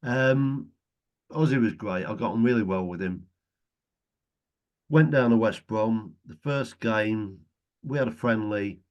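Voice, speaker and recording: A man's voice: lowish voice, measured pace, pauses often, lo-fi sound. A middle-aged man chatting casually as a guest, telling anecdotes and chuckling often. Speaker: guest, retired footballer.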